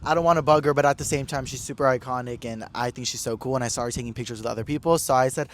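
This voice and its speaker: A young man hosting a podcast, telling stories in a gossipy, excitable way full of "like". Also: medium pitch, very fast, slight background noise. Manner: excitable, gossipy, heavy "like" filler. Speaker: podcast host. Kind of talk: casual chat.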